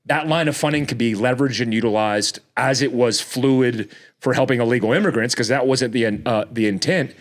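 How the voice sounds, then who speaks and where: Guy guesting on a podcast, average pitch, fired up and exasperated, lots of restarts. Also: brisk. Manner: heated, ranting delivery with sudden exasperated jumps in pitch; frequent restarts and repeated words. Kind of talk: casual chat.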